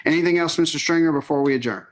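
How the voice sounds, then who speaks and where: A male judge speaking quickly in a somewhat high voice. He closes the hearing in a brisk, formal courtroom manner. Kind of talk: courtroom proceedings.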